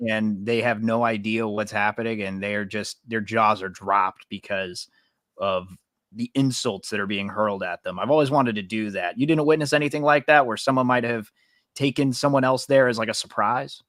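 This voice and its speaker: Relaxed man co-hosting a podcast. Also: on the low side, moderate pace, no echo, clean studio sound. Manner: relaxed, short reactions and opinions. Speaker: podcast co-host. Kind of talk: casual chat.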